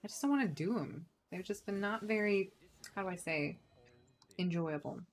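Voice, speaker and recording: A woman chatting casually with her viewers while she plays a game, playful and quick to laugh. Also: mid-range voice, slight background noise. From United States. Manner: chatty, playful, giggly, talks to chat. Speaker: game streamer. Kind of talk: casual chat while gaming.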